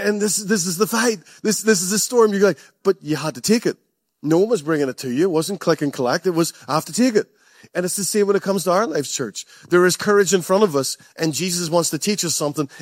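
A man's voice: high voice, dry recording, clean studio sound. A man preaching a sermon as pastor, emphatic, repeating phrases and laughing often.

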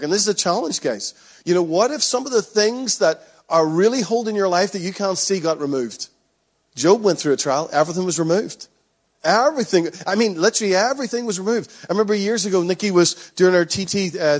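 Emphatic pastor preaching. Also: male voice, sits high. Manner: earnest, emphatic, repeats key lines. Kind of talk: sermon.

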